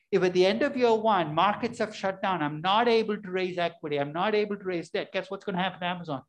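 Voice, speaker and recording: A man giving a classroom lecture, emphatic and conversational, often asking questions and answering them himself. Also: high voice. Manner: emphatic, asks and answers his own questions. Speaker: finance lecturer.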